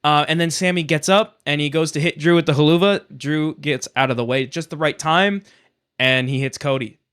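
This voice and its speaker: Smooth-voiced man recapping with animated energy. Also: a little high, a little fast. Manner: animated storyteller, quotes wrestlers in put-on voices. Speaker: podcast co-host. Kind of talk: casual chat recapping wrestling.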